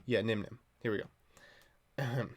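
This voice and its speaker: A man streaming from home, telling a story in casual chat, animated and swearing freely. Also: fairly low pitch, moderate pace.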